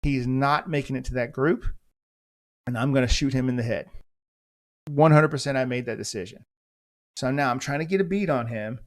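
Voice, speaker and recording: A middle-aged American man, once a police officer and now a podcast host, tells a story as a monologue. His voice sits in the mid range and moves at a moderate pace, broken by long pauses. His telling is blunt, intense, and profane.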